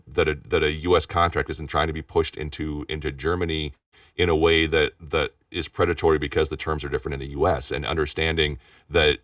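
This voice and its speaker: A man's voice: a bass voice, a bit bright, no room sound. A man, a voice actor and studio owner, speaking as a guest in a casual interview and often restarting his sentences. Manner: rapid talker with frequent restarts and repeated words. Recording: distant mic, dry sound.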